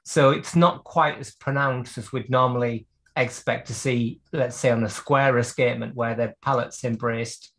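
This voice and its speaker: A man's voice: mid-range voice, fairly even intonation, normal speed, hardly any pauses, fairly bright tone. A man teaching clock repair during a live video call, working at a bench and thinking aloud as he explains each step. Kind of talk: live workshop demonstration.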